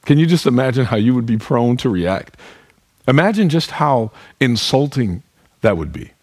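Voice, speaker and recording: A man's voice: medium pitch, big pitch swings, normal speed, darkish tone, husky, no room sound. A pastor preaching a sermon, earnest, putting direct questions to his listeners. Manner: speaks to the congregation as "y'all".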